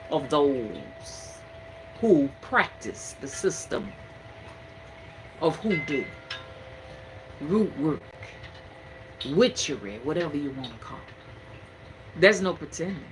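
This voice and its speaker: A Southern woman over fifty talks to camera as a spiritual reader, folksy and emphatic. Her bright voice swings widely in pitch and moves at an unhurried pace. A faint noise sits under her voice. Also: big pitch swings. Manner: folksy, emphatic, preaching cadence. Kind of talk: casual talk to camera.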